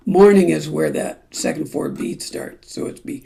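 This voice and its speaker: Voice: mid-range voice, normal speed, creaky, few pauses, darkish tone, soft background music. A ukulele group teacher explaining song timing step by step and breaking into snippets of the lyrics. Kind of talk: song-by-song music lesson.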